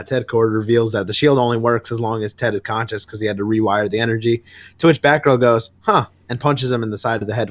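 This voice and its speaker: A man's voice: on the low side, dry recording. A man co-hosting a podcast, casually recapping a comic book with laughs and exasperated asides. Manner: animated retelling, laughs often, exasperated asides. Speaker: podcast co-host.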